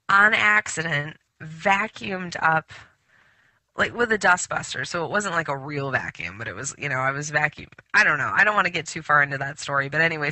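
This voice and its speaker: A woman hosting a spiritual talk radio show, telling a rambling story full of fillers in quick, animated bursts. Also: low-pitched, dry recording.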